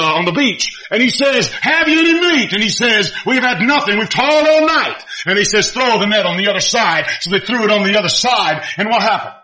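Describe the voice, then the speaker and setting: A man preaching a sermon with fervor, swinging between shouted appeals and quiet, low passages. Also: rough recording. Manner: fervent preaching, rising to shouts and dropping to quiet.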